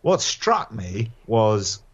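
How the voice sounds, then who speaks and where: A man's voice: lowish voice, sing-song, very slow, slightly rough, no echo, muffled recording. A male actor guest chatting casually, rambling and self-deprecating with plenty of fillers and laughs. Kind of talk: casual anecdotal chat.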